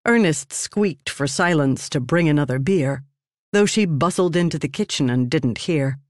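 A woman narrating a fantasy story in a measured, even way. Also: deep voice, dry recording, clean studio sound.

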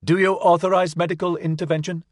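Brief: a man voicing a high, quick, piping robot snake, proud and precise, for an audiobook. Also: level tone, no echo, clean studio sound, natural voice. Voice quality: piping, rapid.

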